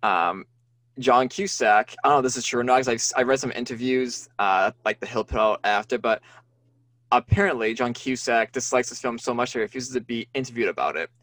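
A man's voice: mid-range voice, brisk, a bit bright, dry recording. A man co-hosting a podcast, chatting casually about a film in a friendly, easygoing way. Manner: friendly, easygoing, laughs often. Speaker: podcast co-host.

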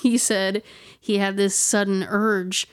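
A woman's voice: mid-range voice, level tone, slow, clear, resonant tone. A woman tells a spooky story to a friend in a loose, chatty way. She trails off, restarts her sentences and leans on "like" constantly. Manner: rambling, many "like" fillers and restarts. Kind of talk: casual storytelling chat.

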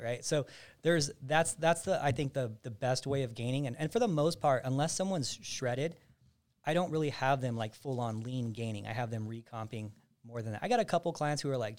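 Man explaining coaching plans at length. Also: medium pitch. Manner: explains at length with frequent restarts. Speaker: physique coach and podcast host. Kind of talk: casual podcast chat.

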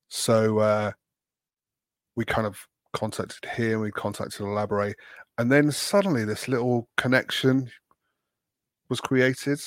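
A man's voice: fairly low pitch, flat delivery, measured pace, long pauses, no echo, clean studio sound. A man from England co-hosting a casual podcast chat, rambling and self-deprecating with plenty of fillers. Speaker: podcast co-host.

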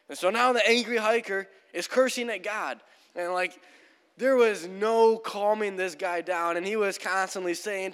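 Man, young pastor, casual sermon storytelling, slightly high voice, reverberant church. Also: measured pace, a bit bright, smooth. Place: church sanctuary. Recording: long church hall reverb.

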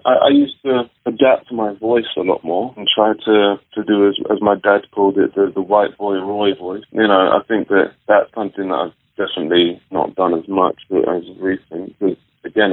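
A man's voice: on the low side, steady tone, normal speed, few pauses, no echo. A man, a podcast guest speaking candidly and casually, often restarting his sentences. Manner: candid, talks in restarts and asides. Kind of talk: casual interview. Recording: tinny phone-like remote audio, dry.

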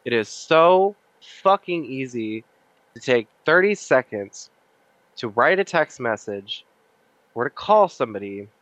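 A podcast guest ranting bluntly and profanely in casual chat. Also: male voice, mid-range voice, big pitch swings, unhurried, fairly bright tone, no echo.

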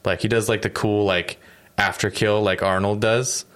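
A man with a very low, smooth, resonant voice chats on a podcast. He rambles through a story with a joking tone, dropping into quick acted-out lines for the characters. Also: little pitch movement, a bit bright. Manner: rambling, jokey, acts out quoted lines. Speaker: podcast co-host. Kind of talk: casual chat retelling a story.

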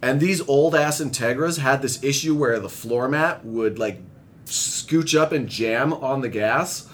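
A young man telling rambling, profane stories in casual chat, laughing often and growing animated as he retells them. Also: a little slow. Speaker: guest telling recovery stories. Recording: faint low rumble.

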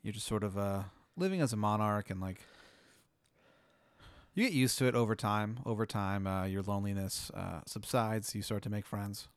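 Smooth-voiced man spinning a playful story. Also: lowish voice, moderate pace, dry recording. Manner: spins a playful hypothetical story. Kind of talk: casual chat.

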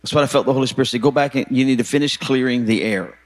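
A pastor preaching a sermon with emphatic, repetitive phrasing that rises to shouted peaks. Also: male voice, mid-range voice, rapid-fire. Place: church sanctuary.

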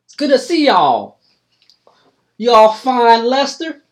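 A man voicing a crude, gossipy old farmer with a put-on Southern hillbilly drawl, loud and folksy, for a tabletop game. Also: very high voice, sing-song, slow, voice pushed up, full character voice. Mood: nosy.

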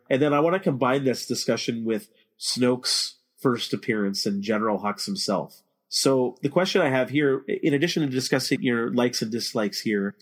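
A man hosting a casual movie discussion podcast, giving strong opinions and steering the talk with questions. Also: mid-range voice. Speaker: podcast host.

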